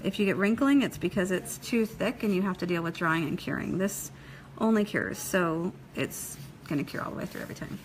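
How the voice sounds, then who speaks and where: A woman's voice: medium pitch, a bit bright, poor audio. A chatty woman talks through a live nail-art demonstration in a casual, folksy way. She laughs easily and keeps checking in with her viewers. A faint hiss sits under her voice. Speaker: nail technician teaching a live demo.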